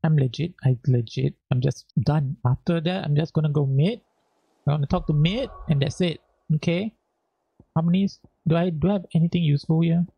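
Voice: medium pitch, a little fast, vocal fry, slightly rough, dry recording, dull audio. A gaming channel host giving let's-play commentary, frustrated and cursing heavily at the game. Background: game music.

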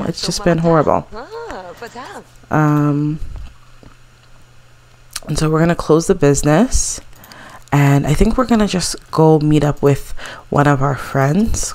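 A woman's voice: deep voice, a little mellow. Chatty woman narrating a life-sim game. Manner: chatty, gossipy, laughs often. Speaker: let's play host. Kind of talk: casual game commentary.

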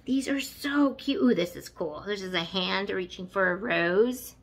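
A woman's voice: medium pitch, lively intonation, measured pace. A woman vlogger chatting casually while unboxing, gushing and exclaiming over everything. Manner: gushing, effusive, exclaims often.

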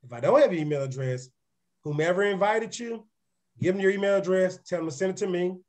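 A man with a raspy voice gives a live-streamed motivational business presentation, energetic and chatty, often checking in with his listeners. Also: high-pitched, fast talker. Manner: energetic, conversational, often asks "right?"; repeats words and restarts sentences. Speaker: real estate presenter.

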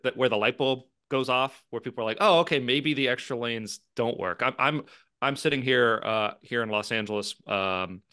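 Bright, crisp-voiced male co-host. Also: medium pitch. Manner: curious, casual, tag questions like "right?". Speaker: podcast co-host. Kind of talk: conversational podcast interview. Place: home in a city.

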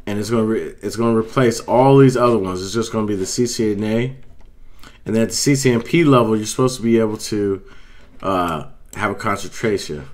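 A man, an IT instructor, giving a casual walkthrough of certifications in a conversational way, with frequent fillers and self-corrections. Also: fairly low pitch.

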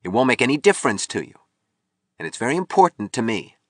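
Male reader doing a bitter, wounded young sculptor, higher and tense, audiobook. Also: sing-song, normal speed, a bit bright, no room sound, studio quality. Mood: pleading. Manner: pleading, suspicious, voice cracking. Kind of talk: audiobook reading.

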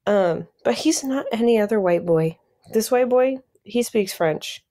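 Slow-talking young woman, hesitant and giggly. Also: medium pitch, expressive, mellow. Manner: hesitant, filler-heavy, giggly. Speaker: podcast co-host. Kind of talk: casual chat.

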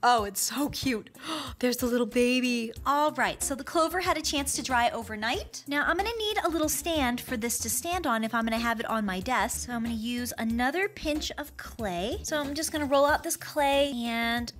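Bubbly high-voiced young woman. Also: moderate pace, hardly any pauses. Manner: excited, gushing, squeals and gasps. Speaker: gaming and craft channel host. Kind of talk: bubbly game commentary and craft tutorial.

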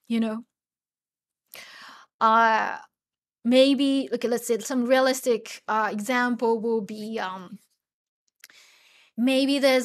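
A woman with a Japanese accent hosts a relaxed livestream lesson, sounding a bit tired. Her voice sits a little high. She talks in a chatty, rambling way, full of fillers. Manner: chatty, many fillers, laughs often, spells out words. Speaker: Japanese language teacher.

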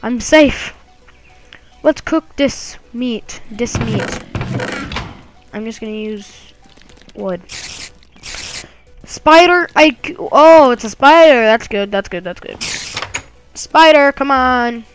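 Woman, game commentary, slow and drawn-out, higher voice, chats to monsters, startled yelps, desktop mic. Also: expressive, faint music behind. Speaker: let's play gamer.

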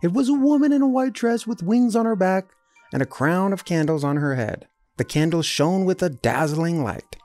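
A man reading a children's picture book aloud in a lively storytelling voice, with music playing softly behind him. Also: sits high, moderate pace. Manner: lively, animated character voices.

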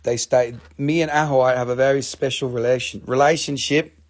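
A middle-aged man runs a live crystal sale in casual sales chat, showing off stones and calling out prices. He's playful and chatty, often leaping into squeaky, high-pitched joke voices, though his normal tone is steady and his pace moderate.

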